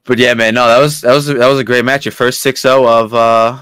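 A man's voice: medium pitch, level tone, fairly quick, fairly bright tone, clear, resonant tone, no room sound. A young man co-hosting a casual chat about a competitive match, laid-back and laughing, using slang like "pretty lit".

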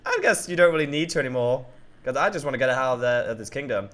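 A man hosting a game roleplay who talks excitably and keeps yelling out names and exclamations. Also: medium pitch, quick pace.

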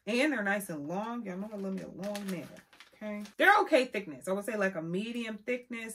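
A young woman vlogger reviewing press-on nails in a sassy, expressive way, calling her viewers honey. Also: medium pitch, brisk, husky. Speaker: beauty vlogger. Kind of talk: casual product review.

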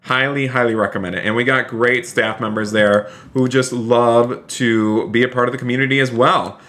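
A man's voice: medium pitch, steady tone, moderate pace, fairly bright tone. A man live-streaming a role-play game, chatting upbeat to his viewers and thanking donors. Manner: upbeat, chatty, addresses chat often.

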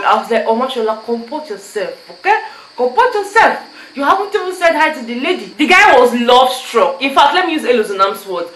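Fast, bright-voiced Nigerian woman recapping TV. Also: on the high side, slight background noise. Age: young adult. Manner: chatty, animated storytelling with pidgin asides. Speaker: YouTuber. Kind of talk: casual reality-show recap. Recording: echoey room.

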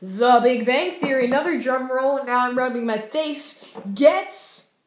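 Young woman doing silly tv reviews, slow and playful, roomy echo. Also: high voice. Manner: goofy, playful, bursts into sing-song cheers. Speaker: YouTube TV show reviewer. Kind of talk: casual vlog review.

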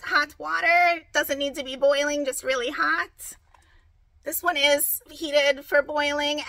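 A woman with a hoarse, raspy voice, chatting upbeat and direct to viewers in a casual how-to vlog. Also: high voice, bright, forceful tone, no room sound, poor audio. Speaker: vlogger.

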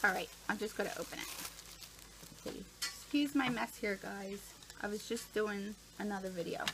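A woman vlogging at home, gushing with excited exclamations as she unboxes a package on camera. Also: medium pitch, normal speed, noisy background. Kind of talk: casual unboxing vlog.

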